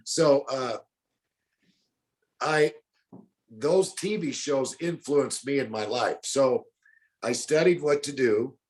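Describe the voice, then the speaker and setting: A man's voice: mid-range voice, takes it slowly, pauses often. An older man in his sixties with a drawl, telling folksy stories as an interview guest. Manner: folksy, acts out other people's lines in the stories he tells. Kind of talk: casual storytelling.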